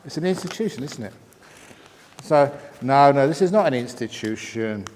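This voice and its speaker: Joking older monk in a reverberant hall. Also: male voice, mid-range voice, lively intonation, measured pace, pauses often, a little hiss or hum. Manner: jokey, laughs at his own jokes, reads out written questions. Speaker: Buddhist monk answering retreat questions. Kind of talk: humorous Q&A talk. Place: meditation retreat hall.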